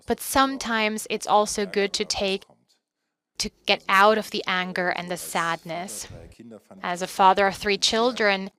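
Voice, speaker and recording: A woman interpreting a conference talk live, animated as she acts out soothing words to a child. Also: medium pitch, a little slow.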